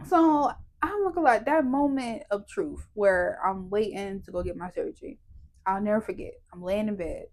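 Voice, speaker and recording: Animated woman telling a hard testimony. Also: mid-range voice, moderate pace. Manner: animated, emotional storytelling that acts out quoted voices; laughs through hard memories. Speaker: guest telling her testimony. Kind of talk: personal testimony in a podcast interview.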